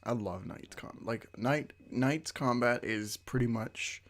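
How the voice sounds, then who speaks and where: A man's voice: medium pitch, slow. A young man who reviews games, chatting casually and in a laid-back way, laughing as he plugs his own videos. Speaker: gaming YouTuber and co-host. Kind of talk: casual gaming chat.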